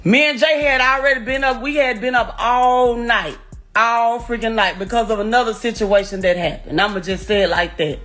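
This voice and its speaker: A woman's voice: a little high, normal speed, fairly bright tone, soft background music. A middle-aged woman giving a raw, profane first-person account as a grieving mother, rising to anguished outbursts. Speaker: grieving mother telling her story.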